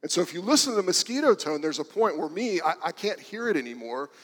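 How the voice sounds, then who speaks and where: Male pastor, casual storytelling sermon, slightly high voice, long hall reverb. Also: very animated, fast talker. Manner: conversational with repeated restarts. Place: church.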